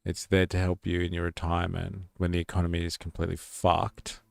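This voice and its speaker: Low gravelly Australian guy. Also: no room sound. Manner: rambling, reads chat aloud. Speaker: live streamer. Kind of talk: casual stream chat.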